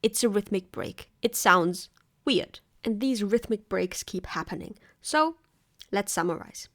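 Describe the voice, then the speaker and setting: A woman reads a scripted video essay in a clear, analytical voice, with a wry edge now and then. Her delivery is plain and conversational. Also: mid-range voice, animated, moderate pace, a little mellow.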